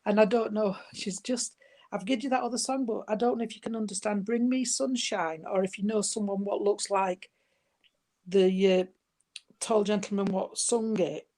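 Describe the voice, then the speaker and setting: Woman medium, warm-toned chatter, endearments throughout, mid pitch. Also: steady tone, normal speed. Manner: gentle, chatty, full of endearments like sweetheart and darling. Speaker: spiritualist medium. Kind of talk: giving a spirit reading.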